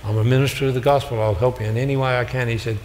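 A man's voice: mid-range voice, fairly even intonation, rapid-fire, darkish tone. Older guy doing a motivational talk, punchy storytelling, long hall echo, faint noise behind. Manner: storytelling, acting out dialogue with punchy comic timing. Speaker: motivational speaker. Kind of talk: motivational talk to a live audience. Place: large hall before an audience. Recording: live hall recording with long reverb.

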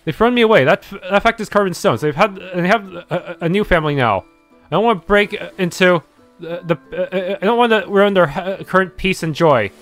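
A hurt young man opens up about his painful past, read aloud by a man. The voice sits high and halting, full of pauses and fillers. Soft game music plays faintly behind him. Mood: wistful. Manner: halting reading with many fillers. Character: troubled young man abandoned by parents. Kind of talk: reading game dialogue aloud.

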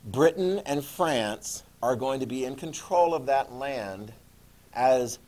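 Lively man lecturing a class. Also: medium pitch, slow pace. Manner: lively, keeps checking in with "okay?" and questions. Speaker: teacher.

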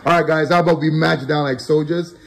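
A man's voice: on the high side, fairly even intonation, brisk, creaky. A man in his thirties, a father cheering his family on in a playful home vlog. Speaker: father and vlogger. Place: home gym.

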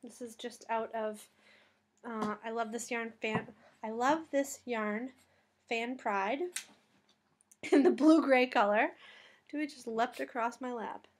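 A tired woman with a slightly high voice and fairly even intonation speaks slowly, pausing often. She hosts a casual knitting vlog at home with a cat on her lap, chatting and rambling off on tangents and laughing at her own mistakes.

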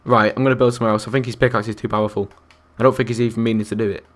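A man's voice: on the low side, little pitch movement, rapid-fire. Chatty man streaming a game. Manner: chatty, counts aloud, reacts to chat and other players. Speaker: gaming live streamer. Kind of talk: live gameplay commentary.

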